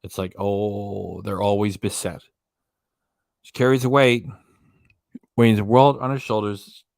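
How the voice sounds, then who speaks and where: A man's voice: lowish voice, level tone, measured pace, creaky, a little mellow, no room sound, studio quality. A man hosting a casual late-night livestream chat, reading viewer comments aloud into a desk microphone and answering them in a folksy, joking way. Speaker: livestream host.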